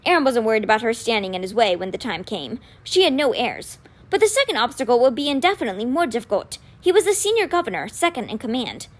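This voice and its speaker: A woman reading a children's novel aloud with expressive storytelling. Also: a little high, fast. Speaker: reader.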